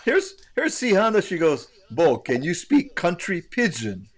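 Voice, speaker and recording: A man's voice: high voice, wildly swooping pitch, unhurried. A man hosting a podcast in casual chat, reading viewer comments aloud and laughing easily. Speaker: podcast host.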